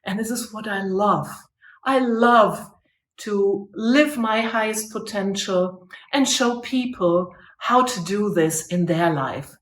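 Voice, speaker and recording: A woman's voice: medium pitch, echoey room. A woman in her fifties working as a life coach, telling a personal story to camera in an earnest, heartfelt way. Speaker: life coach and motivational speaker.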